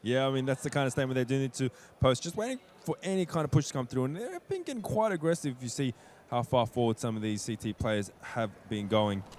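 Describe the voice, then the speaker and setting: A man co-casting an esports match, chatty and quick to laugh as he adds color commentary. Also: medium pitch, slight background noise. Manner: lively, chatty, laughs easily. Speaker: esports co-caster.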